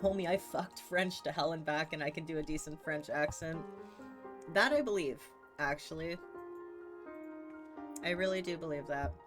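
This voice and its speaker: A man's voice: on the high side, moderate pace, pauses often, a bit bright. A trans man streaming a role-playing game in casual chat, laughing, swearing and poking fun at himself. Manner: laughing, swearing, self-mocking. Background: game music.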